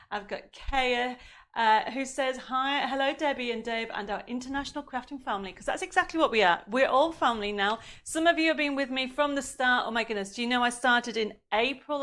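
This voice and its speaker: A woman's voice: high-pitched, fairly bright tone. A woman hosting a live craft show from her home studio, chatting and reading out viewers' greetings, with a slightly strained voice. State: coughing, voice going. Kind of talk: live-stream chat reading viewer comments.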